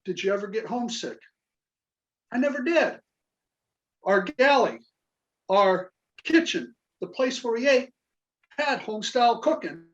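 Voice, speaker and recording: Deadpan Southern man doing stand-up. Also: very high voice, measured pace, long pauses, dull audio. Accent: Southern American. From Kentucky. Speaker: stand-up comedian, Navy veteran. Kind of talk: stand-up comedy set.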